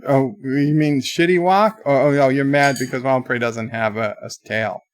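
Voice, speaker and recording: A man hosting a livestream, reading viewer chat comments aloud in a chatty, halting way. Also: mid-range voice. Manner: chatty, halting, with many restarts. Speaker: livestream host.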